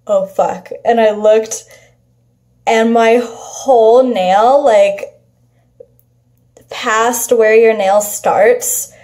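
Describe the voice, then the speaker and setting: Slow, mellow-voiced woman telling a story. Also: a little high, fairly even intonation. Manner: chatty and profane, many filler "like"s. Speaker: vlogger. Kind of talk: casual storytelling.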